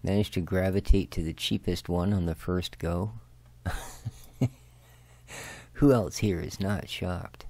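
Casting note: middle-aged Canadian man with a Canadian accent, a lower voice with a gravelly edge, unhurried let's-play chatter. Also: steady tone, no echo. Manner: slow, chatty and self-joking, drifting to soft mutters. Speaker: gaming video host. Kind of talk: casual let's-play commentary.

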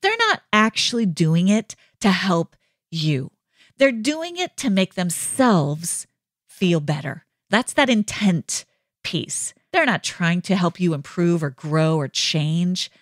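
A woman's voice: lowish voice, sing-song, slow, dry recording, clean studio sound. A woman hosting a podcast, giving an earnest, faith-based teaching monologue with emphatic phrasing and frequent check-ins of "right?". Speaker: podcast host.

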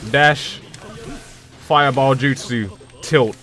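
A man giving casual, profane commentary over his own fighting game match, muttering and breaking into sudden shouts. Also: mid-range voice, steady tone, slow, soft background music. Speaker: gameplay commentator. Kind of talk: casual live gameplay commentary.

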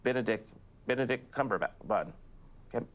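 A middle-aged man hosting a comedic interview, asking awkward questions in a deadpan, halting manner. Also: mid-range voice, dull audio. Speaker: talk show host.

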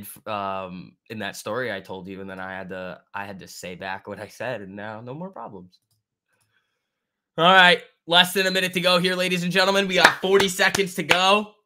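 A man's voice: mid-range voice, bright, forceful tone. A man hosting a trading livestream, talking casually and slangily while reading and answering chat.

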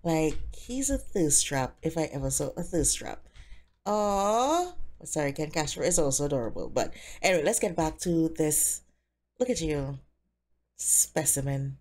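A woman giving casual, excitable commentary on a life-simulation game she is playing, often speaking the characters' thoughts aloud. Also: deep voice, measured pace. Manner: excitable, gasping and squealing, voicing the characters' thoughts. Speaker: let's play host.

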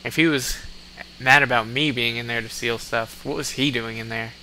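Man playing a game on camera, amused commentary, reads commands aloud, very bright tone, faint background noise. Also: mid-range voice, steady tone, moderate pace. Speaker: gamer. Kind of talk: let's play commentary.

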